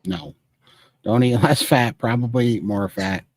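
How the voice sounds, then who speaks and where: A man's voice: medium pitch, lively intonation, unhurried, vocal fry, darkish tone, no room sound. A man speaking casually on a remote call, giving earnest, rambling advice from his own story. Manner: earnest, rambling personal testimony. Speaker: guest speaker.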